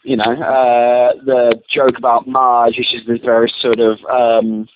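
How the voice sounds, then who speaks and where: A man's voice: mid-range voice, little pitch movement, a little slow. A man in a casual argument, defensive and stammering with many restarts. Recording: tinny phone-like line, faint hiss.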